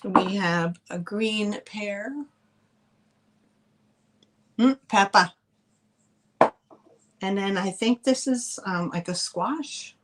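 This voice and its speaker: Chatty New York woman hosting a live sale, slow and easygoing in delivery. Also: medium pitch, fairly bright tone, slight background noise. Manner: chatty, greets chat viewers by name. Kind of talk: live-stream selling chat.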